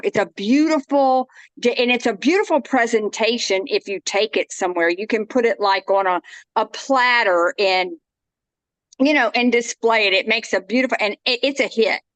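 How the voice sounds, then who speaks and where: A woman's voice: a little high, fairly bright tone, dry recording. A woman, chatting casually and folksily while demonstrating a dish. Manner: chatty, folksy, self-interrupting. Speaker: cooking demo guest.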